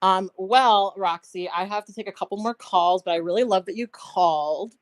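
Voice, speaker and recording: A woman hosts a live call-in show in a relaxed, chatty way. She reassures her callers in a friendly tone, close to a dry mic with no room sound. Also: medium pitch, normal speed, no echo. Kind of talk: casual live call-in chat.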